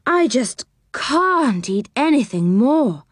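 A woman voicing a gentle fairy girl in a storybook, sighing and apologetic. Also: high-pitched, sing-song, slow, dry recording, clean studio sound, voice pushed up, full character voice.

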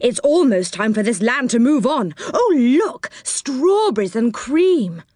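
A woman voicing a cheerful, excitable man in a children's story. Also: a little high, a little slow, dry recording, studio quality, pitched above the performer's own voice. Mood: excited.

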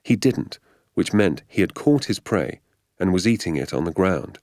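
A man narrating an audiobook in a steady, descriptive storytelling manner. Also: sits low, moderate pace, no echo, studio quality.

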